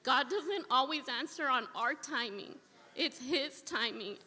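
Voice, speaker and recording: A church member shares a sincere personal testimony at a service, earnestly repeating phrases for emphasis. Her high, pushed, bright voice is animated but measured in pace. The sanctuary sounds echoey, with long reverb.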